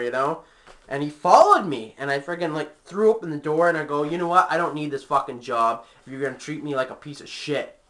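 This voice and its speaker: A young man vents about his old job in a casual, profane rant, full of "like" and "you know." His voice is bright and edgy, pitched a bit high for a man. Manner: angry, profane storytelling with frequent fillers. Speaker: vlogger.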